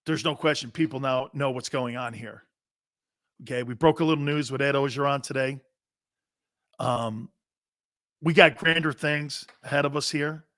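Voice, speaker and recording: A man's voice: medium pitch, fairly bright tone, no echo, studio quality. A middle-aged man hosting a sports talk show, blunt and profane, joking with his chat. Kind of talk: loud, brash sports talk.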